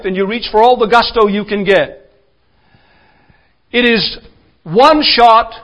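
A man preaching a sermon, building to forceful, emphatic declarations. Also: high voice.

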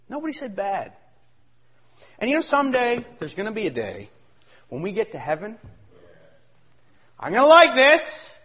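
A male pastor preaching a sermon, swinging between shouted excitement and hushed asides. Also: extremely high pitch.

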